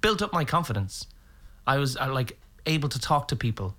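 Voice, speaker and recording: A middle-aged Irish man chatting casually as a podcast guest, telling lively anecdotes and acting out the voices of people in them. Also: medium pitch, a little fast. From Ireland. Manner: animated, acts out voices in anecdotes. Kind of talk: casual storytelling chat.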